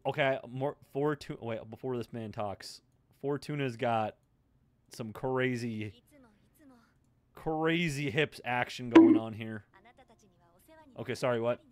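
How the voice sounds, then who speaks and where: A man's voice: medium pitch, slow, long pauses, a little mellow. A young man hosting an anime reaction, blurting questions, swearing at the screen and cooing over cute moments. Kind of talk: live anime reaction commentary.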